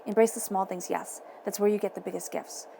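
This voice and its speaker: A woman giving a tarot reading, speaking in a soft, encouraging way and repeating phrases for emphasis. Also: mid-range voice, steady tone, fairly quick, gravelly, a little hiss or hum. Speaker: tarot reader.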